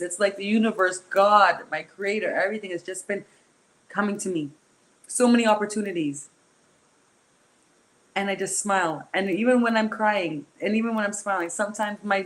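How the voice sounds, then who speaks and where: A woman's voice: medium pitch, fairly bright tone. A woman hosting a group discussion and speaking emotionally and candidly, in bursts with restarts. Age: adult, a mother. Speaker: host.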